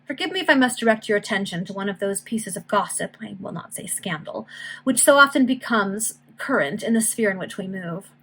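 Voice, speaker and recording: A woman reading the part of a polished, courteous Victorian earl with formal, measured speech and a slightly husky voice. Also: mid-range voice, expressive, fairly bright tone, low-quality recording.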